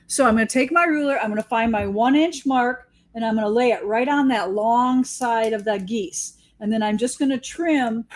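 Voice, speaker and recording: While showing her sewing technique, a U.S. quilting instructor who owns a shop talks casually and eagerly, cracking self-deprecating jokes. She has a fairly high, slightly mellow voice.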